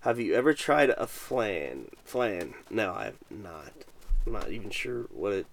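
A man's voice: lowish voice, big pitch swings, a little slow, vocal fry. A middle-aged man from Missouri, hosting a casual late-night livestream and chatting while reading viewer comments aloud. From Missouri, USA. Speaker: podcast host.

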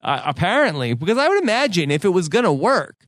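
A podcast co-host with a fairly high, fairly bright voice chats casually, walking through scenes and acting out quoted lines while leaning heavily on "like." He talks fast with big pitch swings, and the recording is close and dry with no room sound.

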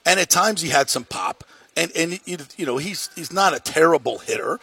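Gravelly, jokey sports talk host, man. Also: fairly high pitch, lively intonation, normal speed, sharp tone, no room sound. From New York. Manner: jokey, emphatic, rambling.

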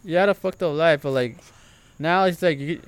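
Profane, joking podcast co-host, slightly high. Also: male voice, clean tone, no room sound. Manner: joking, profane, quick to laugh and riff on quotes. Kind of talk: casual crude banter.

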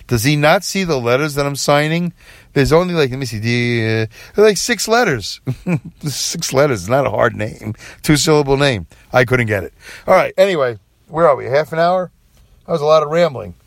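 Man, podcast host, forties, self-deprecating, chuckling, mid-pitched, dry close sound. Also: no room sound. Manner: self-deprecating, chuckles often, animated when quoting himself. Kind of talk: rambling solo podcast monologue.

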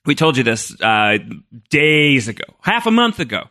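A man playing in a tabletop role-playing game, joking and bantering in an animated way. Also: fairly high pitch, moderate pace, dry recording, studio quality. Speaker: player. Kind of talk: casual tabletop game chat.

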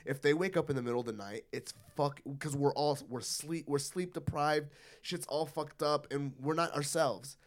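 A man in his thirties co-hosting a podcast, chatting casually and profanely, acting out loud quotes as he tells stories. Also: fairly high pitch, normal speed. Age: 30s. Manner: profane, animated storytelling with loud put-on quotes. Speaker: podcast co-host. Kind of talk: casual chat.

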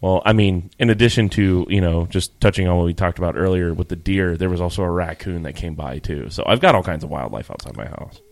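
Low-voiced man rambling through a story. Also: quick pace, gravelly, few pauses. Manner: rambling storyteller, many fillers and restarts. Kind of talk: casual chat.

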